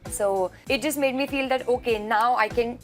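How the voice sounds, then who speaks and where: A woman guest speaks earnestly over a video call, her voice a little high for a woman. She reflects on her life with frequent restarts, and faint music sits beneath her. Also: normal speed. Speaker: actress guest. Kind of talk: video-call interview answers.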